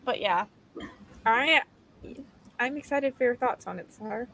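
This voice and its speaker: A woman's voice: fairly high pitch, measured pace, gravelly, a bit bright, soft background music. A woman from Canada hosting a casual live reading stream over a video call, talking in a chatty, hesitant way with lots of fillers and restarts. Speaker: host.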